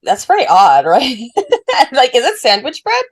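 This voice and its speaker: A woman from Puerto Rico co-hosting a casual true-crime podcast, chatty and animated, often breaking into laughter. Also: high-pitched. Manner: animated, laughing, quick asides. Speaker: podcast co-host. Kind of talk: casual chat.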